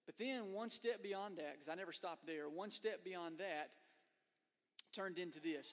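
Man, pastor, sermon, slightly high voice, long hall reverb. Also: measured pace. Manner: conversational preaching, acting out quoted voices.

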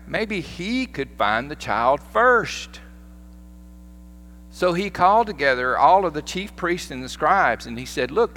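A man with a Southern American accent, a pastor giving a sermon in a folksy, animated storytelling manner. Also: on the high side. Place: church sanctuary. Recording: echoey church hall with faint hum.

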